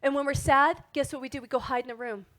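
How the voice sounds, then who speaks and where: Animated woman giving a motivational talk. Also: sits high, fast. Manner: animated, asks the audience many tag questions. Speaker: wellness speaker.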